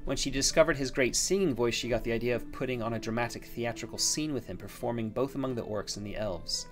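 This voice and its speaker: A man's voice: mid-range voice, fast talker, over music. Man rambling through a solo tabletop game. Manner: rambling, thinks aloud with fillers. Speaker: solo game master and player.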